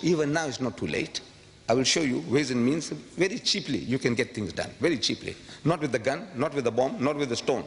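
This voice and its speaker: A man delivers a public lecture to an audience, emphatic and rhetorical, repeating phrases and swinging from quiet asides to sudden high outbursts. The recording has long hall reverb and faint background noise.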